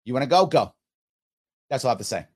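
A man's voice: mid-range voice, animated, fast talker, breathy edge. A man hosting a podcast, talking through listener comments in an emphatic way and repeating his points for emphasis. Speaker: podcast host.

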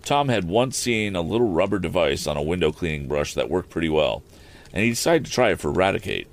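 A man reading a storybook aloud in a relaxed way, with occasional slips and self-corrections. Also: low voice, fairly quick. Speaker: reader.

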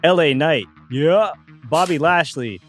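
A man's voice: a little high, lively intonation, a little slow, soft background music. A young man hosting a casual talk show, rambling along with restarts and chuckles. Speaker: show host. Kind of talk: casual wrestling talk chat.

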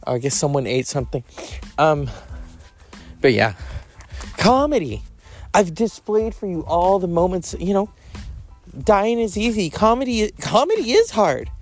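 Animated, profane comic podcast host man. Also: high voice, a little slow, long pauses, faint music behind. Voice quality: animated, profane, camp asides. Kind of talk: comic monologue.

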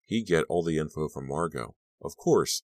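A man narrating a teen horror novel, with measured, brooding storytelling into a close mic. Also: extremely low pitch, lively intonation, no echo. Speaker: audiobook narrator. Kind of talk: scripted narration.

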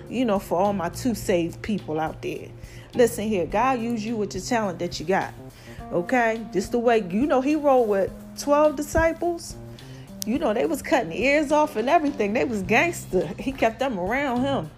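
A woman from New Jersey with an accent that blends Jersey and the American South, casually sharing faith testimony straight to her viewers in lively slang. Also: a little high. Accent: New Jersey mixed with Southern US. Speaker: vlogger.

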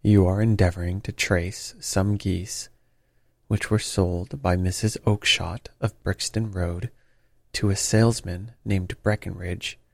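A man voicing a confident detective who speaks in a crisp, assured, bland manner. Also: deep voice, darkish tone, no echo, studio quality, full character voice. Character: brisk, confident male detective, bland and knowing.

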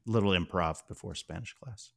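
A man's voice: low voice, a little fast, vocal fry. A man co-hosting a movie podcast in casual chat, chatty and prone to wandering off on personal tangents. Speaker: podcast co-host.

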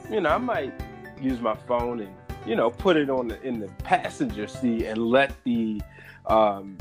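A man hosting a casual podcast chat, relaxed and quick to laugh. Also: medium pitch, over music. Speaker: podcast host.

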